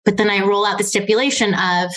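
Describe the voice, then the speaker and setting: A woman's voice: medium pitch, fast, a bit bright, rough recording. A woman from Arizona, a podcast guest telling her own story candidly in a chatty way, full of "like" fillers and small laughs. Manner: chatty, frequent "like" fillers, laughs between phrases.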